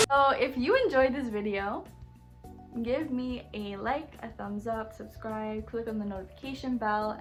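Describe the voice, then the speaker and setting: A young woman telling a casual storytime on her channel, animated and blunt, saying "like" and "literally" constantly. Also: mid-range voice. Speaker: YouTuber.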